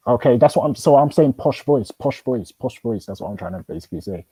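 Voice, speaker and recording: A man's voice: mid-range voice, lively intonation, quick pace, mellow, husky, no room sound, low-quality recording. A man arguing in a casual debate, probing with questions and stumbling through many restarts. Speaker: host.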